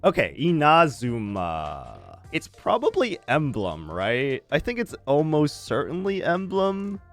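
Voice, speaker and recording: A man from the United States giving casual, chatty gameplay commentary, laughing often and reacting loudly. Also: on the high side, wildly swooping pitch, slow pace, faint music behind. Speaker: streamer playing a game.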